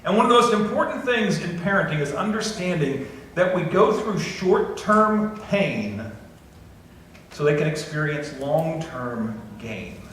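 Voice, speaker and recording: Folksy preacher in an echoey church. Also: male voice, on the high side, lively intonation, a little slow, a bit bright, a little hiss or hum. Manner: folksy, conversational preaching with self-deprecating asides. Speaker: pastor. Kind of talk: sermon. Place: church sanctuary. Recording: echoey church recording from a distance.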